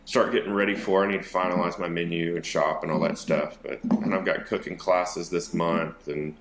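A man's voice: sits low, moderate pace, reverberant, slight background noise. A man from North Texas co-hosting a podcast, chatting casually and rambling with fillers over a remote call. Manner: relaxed, rambling, hesitant with fillers. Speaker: podcast co-host. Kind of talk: casual chat.

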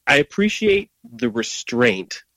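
Animated man talking music, dry mic. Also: a little high, slow pace, vocal fry, no echo, low-quality recording. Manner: enthusiastic, searching for words, many restarts. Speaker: guest co-host. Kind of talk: casual music chat.

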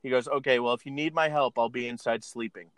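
A man's voice: medium pitch, steady tone, fast talker, a bit bright, no echo. Dry-sounding man recapping a movie, laughing. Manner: laughs often, acts out lines while retelling. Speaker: podcast co-host recapping a film. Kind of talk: casual chat.

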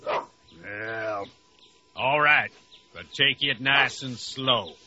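A man playing a suspicious, gruff rural dog handler, blunt and folksy. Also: mid-range voice, very slow, sharp tone, a little hiss or hum, heavily acted. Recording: dull lo-fi audio.

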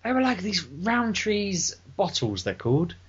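A man co-hosting a podcast, telling stories in a casual, animated way and swearing freely. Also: high voice, measured pace, husky. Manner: animated, swearing, laughing through his stories. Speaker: podcast co-host. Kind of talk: casual storytelling chat. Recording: dull lo-fi podcast recording.

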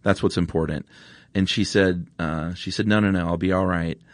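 A man's voice: low voice, fairly even intonation, moderate pace, no room sound, studio quality. A man hosting a podcast, telling a story in a casual, earnest way with plenty of fillers. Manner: earnest, emotional, chatty with many fillers. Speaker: podcast host. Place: podcast studio.

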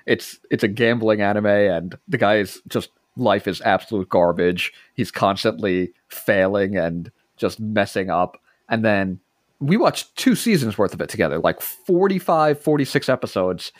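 This man in his thirties is a podcast co-host, telling a story in relaxed chat. His pitch moves up and down a lot, and he laughs often. The recording is dry and close. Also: normal speed, dry recording. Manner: laughs often, chimes in with quips.

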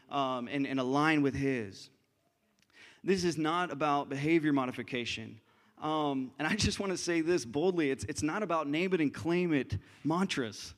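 A man's voice: on the high side, moderate pace. A young man preaching a sermon as pastor, earnest and conversational, often restarting his sentences.

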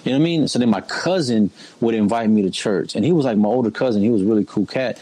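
A man's voice: lowish voice, quick pace, mellow, breathy edge, no echo, rough recording. A young man telling his life story in a casual, slangy way, keeps saying "bro". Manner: laid-back street slang, keeps saying "bro" and "you know what I mean". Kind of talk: casual spoken testimony.

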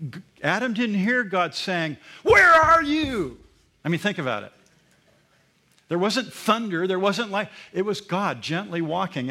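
A man's voice: fairly high pitch, a bit bright. Earnest middle-aged man preaching a sermon. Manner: earnest, emphatic preaching with rising bursts. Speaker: pastor.

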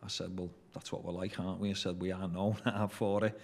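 Scouse man, very low voice, casual swearing storyteller who acts out dialogue. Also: level tone, fairly quick, vocal fry, a little mellow. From Merseyside, England. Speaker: interview guest, former prisoner.

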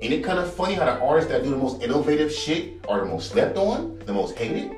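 A man's voice: on the high side, big pitch swings, fast talker, echoey room, soft background music. A man hosting a podcast, delivering a heated, profane monologue and often repeating himself. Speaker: podcast host. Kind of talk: ranting monologue.

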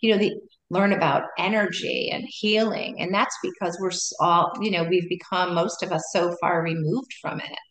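A woman's voice: on the low side, moderate pace, a bit bright. A middle-aged woman, a meditation and yoga teacher, chatting casually as a guest in loose, trailing sentences full of restarts. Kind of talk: casual interview chat. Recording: roomy echo.

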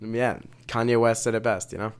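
A man's voice: mid-range voice, steady tone, brisk, clean tone. A man co-hosting a podcast, chatting casually and telling rambling stories full of fillers, with a lingering cough. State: has a cough from a chest infection. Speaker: podcast co-host. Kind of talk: casual chat.

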